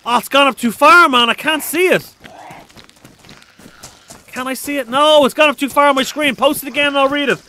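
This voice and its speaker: A man live-streaming a survival game, talking fast and loose, swearing, joking and reading chat messages aloud with high energy. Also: sharp tone.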